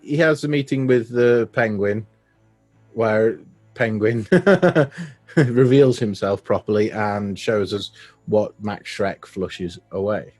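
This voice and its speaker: A man's voice: lowish voice, slow, a little mellow, faint music behind. Wry man recapping a film. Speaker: podcast co-host. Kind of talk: casual film discussion.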